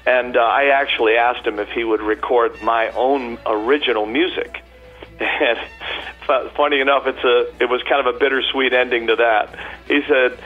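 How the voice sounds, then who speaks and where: A man's voice: medium pitch, fairly even intonation, normal speed. Man, radio guest, rambling anecdotes with fillers, dull broadcast sound, faint music behind. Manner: chatty storyteller, many fillers and restarts. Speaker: tribute performer guest. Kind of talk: radio interview chat.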